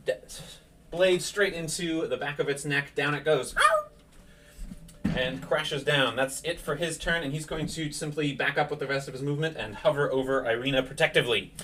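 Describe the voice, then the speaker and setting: A man's voice: on the high side, fairly bright tone, distant mic. A man running a tabletop game as game master, giving a vivid play-by-play of dice rolls and attacks.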